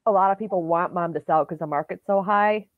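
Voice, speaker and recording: A woman's voice: fairly low pitch, quick pace, no echo, phone-quality sound. A woman client giving plain, explanatory answers in casual conversation.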